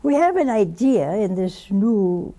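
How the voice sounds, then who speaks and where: An older woman gives a short spiritual teaching in an emphatic way. She speaks slowly in a mellow tone, and her pitch rises and falls a lot. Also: sing-song.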